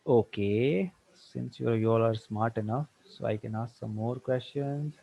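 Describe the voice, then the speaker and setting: A man teaching an online tutorial, firing quick questions at students and slipping into Hindi. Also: mid-range voice, gravelly, warm tone. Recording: dull lo-fi dry sound.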